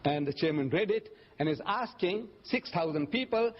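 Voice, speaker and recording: A man's voice: normal speed, few pauses. An older man giving a religious lecture and answering audience questions, telling stories animatedly and acting out the voices he quotes. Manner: animated storytelling, often jumping up in pitch to act out quoted voices. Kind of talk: public lecture Q&A. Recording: dull lo-fi lecture recording.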